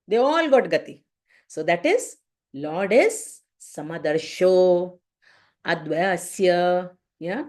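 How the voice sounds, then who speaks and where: A woman's voice: medium pitch, a little mellow. A woman with an Indian accent giving a devotional class online, telling stories and acting out voices with lots of "you know" fillers. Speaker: spiritual class teacher. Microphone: video call.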